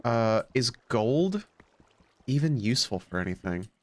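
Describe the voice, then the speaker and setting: A man's voice: mid-range voice, sing-song, a little slow. A man commenting casually on his game as a let's play host, sleepy and just woken up, musing aloud with plenty of fillers.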